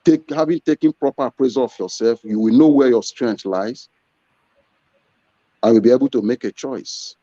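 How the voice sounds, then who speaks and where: Speaking at a normal speed in a mellow, mid-range voice, a man who owns a business tells stories in earnest as he answers an interviewer, acting out quoted lines. The recording is dry, with a dull lo-fi quality.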